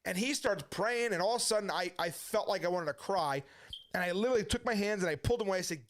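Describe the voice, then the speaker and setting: A man's voice: high-pitched, fast talker, a bit bright. A middle-aged man telling his personal testimony as a story, acting out the voices of the people he quotes. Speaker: testimony speaker.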